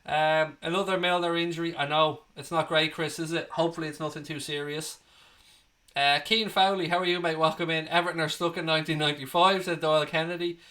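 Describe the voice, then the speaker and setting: Bright-voiced man bantering with chat. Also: on the high side, fairly even intonation, brisk. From Ireland. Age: 30s. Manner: banter, swearing, joking with viewers. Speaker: fan channel host reading live chat. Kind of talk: casual livestream chat.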